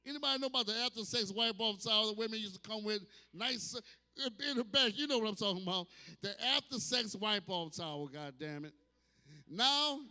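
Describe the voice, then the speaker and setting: A stand-up comedian in his fifties from New Orleans, USA, performs a set at a distillery bar before a live audience, his voice sitting high. He's loud, brash, and profane, breaking into sudden shouts and acted asides, and the club room lends the recording a hall reverb.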